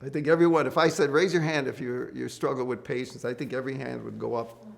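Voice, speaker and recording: A man's voice: medium pitch, fairly even intonation, fast talker, vocal fry. A middle-aged man hosting a marriage study group, giving earnest Bible teaching to couples. He repeats key words and asks the group questions.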